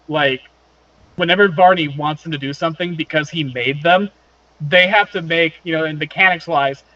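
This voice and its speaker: A man's voice: a little high, bright, forceful tone, no room sound. A man narrating a tabletop game as game master, explaining rules and story with lots of fillers. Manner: rambling, explanatory, many fillers. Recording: dull lo-fi dry sound.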